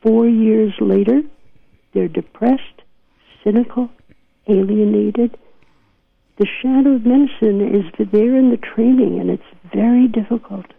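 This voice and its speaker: An older woman with a New York accent speaks in a gravelly, husky voice, earnest and reflective as she tells stories. Her voice comes down a tinny phone line with no room sound at all. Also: fairly high pitch, fairly even intonation, unhurried, no room sound. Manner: earnest storyteller, often laughs. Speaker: physician guest. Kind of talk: reflective interview talk.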